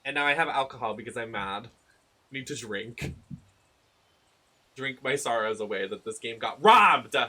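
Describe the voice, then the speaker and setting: A man streaming a game live, talking in excitable, emotional commentary and swearing freely. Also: mid-range voice, moderate pace, pauses often.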